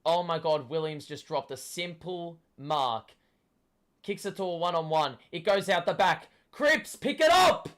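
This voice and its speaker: A young man, hoarse from shouting, gives a live fan commentary of a football match, swearing and yelling at the play. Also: fairly high pitch, a little slow. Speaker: watchalong host.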